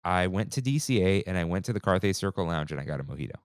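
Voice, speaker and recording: A man in his thirties co-hosting a podcast in a relaxed, slangy chat style, saying "dude" and "like" often. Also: low-pitched, racing, clear, resonant tone, dry recording, studio quality. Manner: laid-back, slangy, says "dude" and "like" often. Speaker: podcast co-host. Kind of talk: casual chat.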